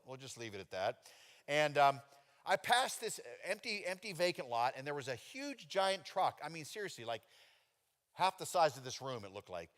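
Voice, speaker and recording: A man preaches a testimony sermon from the pulpit, his voice sitting a little high and swinging widely in pitch as he acts out his own past words. His voice rings out with the long reverb of a large church hall. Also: normal speed. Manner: animated storytelling with high-pitched acted-out quotes.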